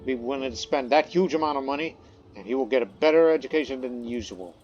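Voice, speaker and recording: A man's voice: mid-range voice, quick pace, a little mellow, highs cut off, slight background noise. Man musing through a strategy game. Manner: thinks aloud, muttering to himself, reads game text aloud. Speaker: let's play commentator. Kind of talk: casual gameplay commentary.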